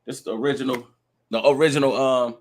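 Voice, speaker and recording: A man's voice: medium pitch, steady tone, brisk. A middle-aged man, a father and music manager, answering interview questions in a loose, easygoing way. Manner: easygoing, reminiscing, loose and conversational.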